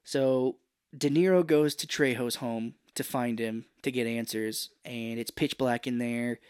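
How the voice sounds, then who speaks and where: A man's voice: mid-range voice, steady tone, unhurried, a little mellow, clear, resonant tone, dry recording, clean studio sound. A man co-hosting a podcast, casually retelling film scenes in detail, leaning on "he's like" to quote. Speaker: podcast co-host. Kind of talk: casual chat.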